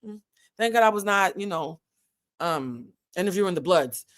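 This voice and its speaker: A woman with a New England accent hosting a casual live commentary stream, animated and digressive, swearing freely and swinging between loud and soft. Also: lowish voice, normal speed. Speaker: commentary channel host.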